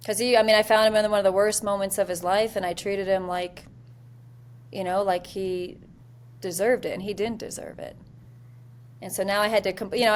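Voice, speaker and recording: Animated woman telling a candid story. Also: medium pitch. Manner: animated, self-deprecating, with many fillers. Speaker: interview guest, military leader.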